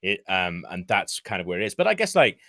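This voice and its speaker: A British man talking as a podcast guest in relaxed, wry casual chat. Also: sits low, a little fast, no echo, clean studio sound.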